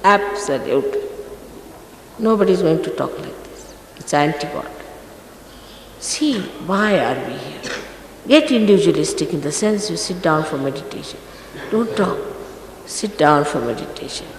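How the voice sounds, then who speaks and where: Woman spiritual teacher, lively stern delivery, archive hall recording with long reverb. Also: low-pitched, a little slow, pauses often. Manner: stern and admonishing, emphatic. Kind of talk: scolding spiritual talk to followers. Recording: echoey archive recording from a hall, faint noise.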